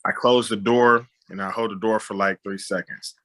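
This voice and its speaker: A man's voice: lowish voice, moderate pace. A man, a director and writer, telling a personal story in an interview, acting out sounds and quoted voices as he goes. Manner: animated retelling with sound effects and quoted dialogue. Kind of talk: conversational storytelling.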